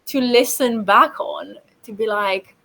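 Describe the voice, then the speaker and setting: A woman's voice: a little high, slow, vocal fry, a crowd in the background, rough recording. A young woman chatting casually as a podcast guest, with lots of "like" fillers. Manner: chatty, full of fillers like "like", laughs easily. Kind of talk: casual chat.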